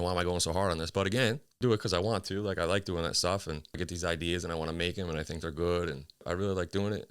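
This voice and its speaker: Low-voiced man rambling on a podcast. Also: fairly bright tone, no echo, studio quality. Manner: rambling, self-deprecating, swears freely. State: slightly out of breath. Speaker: podcast host. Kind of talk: casual solo podcast chat. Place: small hot home office.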